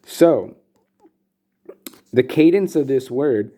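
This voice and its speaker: A man explaining Sanskrit script and meter as a teacher, relaxed and casual, with many pauses and fillers. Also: medium pitch, phone-quality sound. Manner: relaxed, many ums and restarts. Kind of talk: explanatory lesson with slides.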